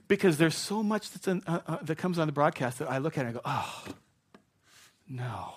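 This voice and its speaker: A man preaching a sermon, talking to his congregation like a friend. His voice sits a little high for a man. He drops to near whispers and then breaks into loud shouted asides. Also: expressive, a little fast, long pauses. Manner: conversational preaching, swings from hushed to shouted asides. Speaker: pastor.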